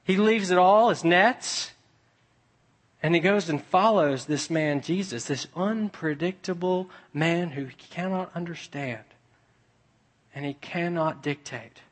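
A young man preaching a sermon, telling stories in a chatty way and dropping to a hush for emphasis. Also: on the high side, unhurried. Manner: conversational storytelling with dramatic hushed drops.

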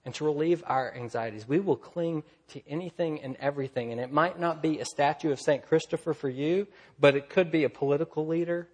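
A man preaching a sermon, swinging from loud, lively storytelling to quiet, low emphasis. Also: a little fast, few pauses, husky. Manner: earnest preaching, rising loud in stories, dropping soft and low. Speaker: pastor.

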